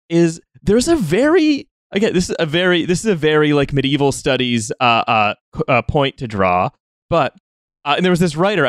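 A man hosting a podcast, talking in casual chat with many halting restarts. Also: medium pitch, no room sound, studio quality. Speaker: podcast host.

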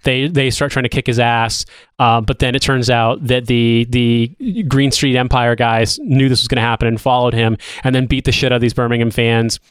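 A man co-hosting a podcast, rambling through a recap with lots of restarts and casual swearing. His voice is smooth and resonant. It is recorded dry and close to the mic. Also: mid-range voice, moderate pace, no echo. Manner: rambling, profane, with filler-heavy restarts. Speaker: podcast co-host. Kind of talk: casual chat.

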